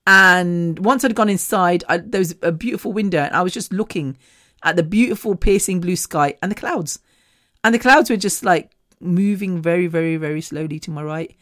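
A woman's voice: lowish voice, moderate pace, a bit bright. A woman hosting a podcast, candidly telling a personal story in a chatty way, swearing freely and laughing often. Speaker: podcast host.

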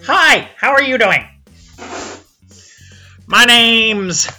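A man putting on a nasal, husky goblin gang boss. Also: very high-pitched, lively intonation, drawn-out words, sharp tone, faint music behind, voice pushed up, full character voice. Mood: greeting. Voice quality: husky like an old chain smoker. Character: smarmy male goblin gang boss in the sewers.

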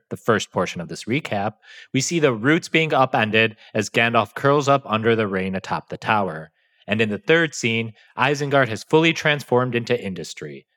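Analytical man with a bright voice. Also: medium pitch. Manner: self-described monotone, analytical with fillers. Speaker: podcast host. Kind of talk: film analysis commentary.

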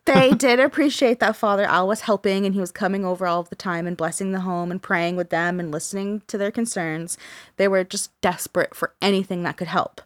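A woman's voice: medium pitch, steady tone, fairly quick, no echo, studio quality. A woman co-hosting a podcast, telling a paranormal story in casual chat with fillers and the odd swear word.

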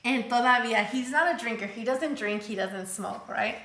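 Bright, gravelly woman telling her story. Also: a little high, normal speed, echoey room. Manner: switches between English and Spanish mid-sentence; acts out quoted voices, turns emotional. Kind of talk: casual personal storytelling.

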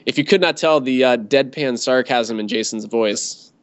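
A man's voice: mid-range voice, moderate pace. Dry, sarcastic man on a podcast. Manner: dry, sarcastic, laughs often. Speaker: podcast co-host. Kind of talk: casual sports chat. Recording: dull lo-fi sound.

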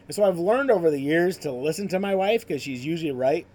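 Male podcast host, slightly higher voice, casual testimony storytelling. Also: lively intonation, fast, darkish tone. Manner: conversational, full of "like" and "you know" fillers. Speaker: podcast host sharing his ministry story.

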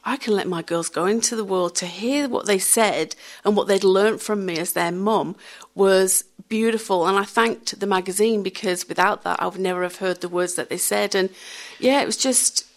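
A woman, telling candid, animated stories as a radio interview guest and laughing often. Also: mid-range voice, moderate pace. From England. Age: 50s. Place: radio studio.

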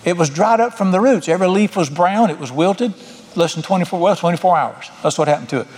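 A man's voice: high voice, fast talker, darkish tone, husky, in a large hall. A man preaching a sermon to his congregation, in a folksy, conversational way that keeps coming back to "all right". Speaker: pastor.

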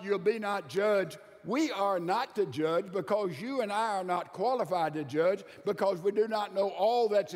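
High-voiced man preaching in a reverberant hall. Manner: emphatic preacher with wide swings in loudness and pace. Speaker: pastor. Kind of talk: sermon.

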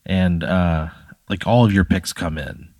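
A man co-hosting a comedy podcast, telling a drawn-out story, swearing freely and laughing along. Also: low voice, darkish tone, dry recording, clean studio sound. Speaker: podcast co-host.

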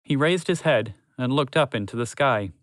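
Brief: male storyteller, even and gentle, close dry mic. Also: mid-range voice, normal speed, no room sound. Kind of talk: storybook narration.

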